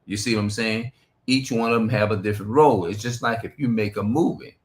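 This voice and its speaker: A man's voice: fairly low pitch, a little fast. A man giving a rambling, profane religious monologue on a stream, reading scripture aloud between his remarks. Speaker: street preacher.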